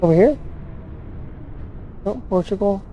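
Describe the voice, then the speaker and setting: A woman's voice: mid-range voice, measured pace, dull audio, a little hiss or hum. A woman casually commenting to herself while playing a flight simulator, swearing freely as she hunts for her plane. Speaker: flight sim streamer.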